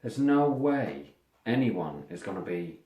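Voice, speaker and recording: A man voicing a gloomy male monster who eats limbs, grumbling in a dry, deadpan way. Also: low-pitched, slow, exaggerated voice. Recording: echoey room.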